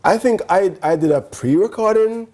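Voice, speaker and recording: A man's voice: sits high, a little hiss or hum. A man with a Jamaican accent co-hosting a morning show, chatting casually and laughing often. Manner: lively, laughing, quick to agree. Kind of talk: casual chat.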